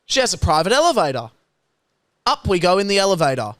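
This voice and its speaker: A young Australian man co-hosting a podcast, telling stories in an animated way and doing voices. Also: high voice, fast, dry recording. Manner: animated storyteller, does voices. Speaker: podcast co-host. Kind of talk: casual chat.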